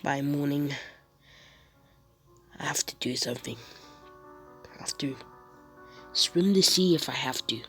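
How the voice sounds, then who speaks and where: Low, slow, half-whispered brooding werewolf teen, read by a stuffy-nosed woman in a fan voiceover story. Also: fairly bright tone, soft background music. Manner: murmured brooding inner monologue, half-whispered. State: congested from a cold. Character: brooding teen boy werewolf, cold and hungry.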